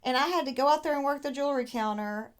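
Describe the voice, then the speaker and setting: A woman's voice: high-pitched, fast. A middle-aged woman, telling stories in a casual podcast chat and acting out the people she quotes. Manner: chatty storyteller, acts out quoted people. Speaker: podcast co-host.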